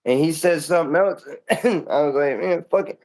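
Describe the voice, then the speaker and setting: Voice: mid-range voice, normal speed, a little mellow. A stream guest tells a fight story in easy, casual talk, full of slang and swearing. Laughter keeps breaking into the telling. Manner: profane, laughs often, slangy.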